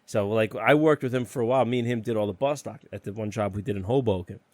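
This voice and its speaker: A man's voice: on the low side, fast, dry recording. A man hosting a casual podcast, a union electrician telling profane, laughing jobsite stories. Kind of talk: casual chat.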